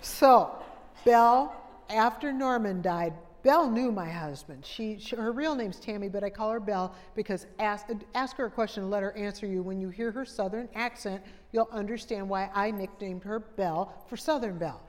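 A middle-aged woman speaks at a women's conference in a folksy, humorous way, addressing the audience directly. Her voice sits at an ordinary pitch. A long reverb from the large hall trails after her words. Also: normal speed. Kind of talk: conversational women's conference talk.

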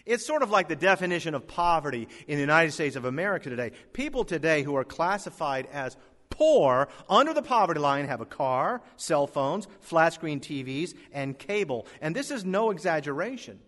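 A male pastor preaching an emphatic sermon, rising to loud peaks and dropping to hushed lows. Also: sing-song, normal speed, in a large hall.

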